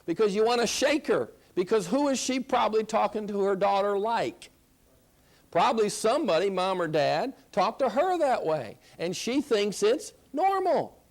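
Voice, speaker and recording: A man's voice: high voice, expressive, normal speed. Emphatic male counseling lecturer. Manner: emphatic, repeats key phrases, asks rhetorical questions. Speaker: Christian counseling instructor. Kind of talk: classroom lecture.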